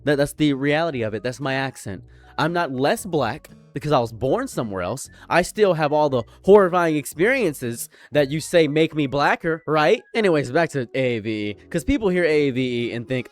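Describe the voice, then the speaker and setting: A man's voice: a little high, big pitch swings, a little fast, soft background music. A man with an American accent and a slight foreign tang, doing casual commentary and repeating his points with emphasis. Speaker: commentary YouTuber.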